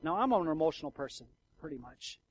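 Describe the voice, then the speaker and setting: A middle-aged man delivering a sermon, his voice sitting somewhat high for a man. He talks to the congregation in a loose, conversational way, with fillers and restarts. His volume swings widely, from a hushed murmur to loud, emotional outbursts. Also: big pitch swings, fast, a little hiss or hum, poor audio. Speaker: pastor.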